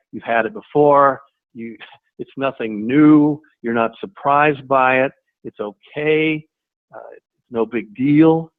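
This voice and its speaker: A man leading a sales training webinar, talking conversationally, repeating himself and restarting, and acting out short replies. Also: mid-range voice. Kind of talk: webinar presentation. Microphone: webinar audio line. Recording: tinny phone-line audio.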